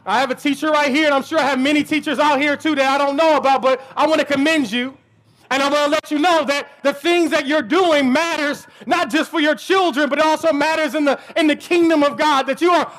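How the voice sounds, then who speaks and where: A man preaching with an unusually high voice. He builds his points into near shouts and often doubles back over his words as he goes. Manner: repeats words when he restarts. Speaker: pastor. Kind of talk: sermon.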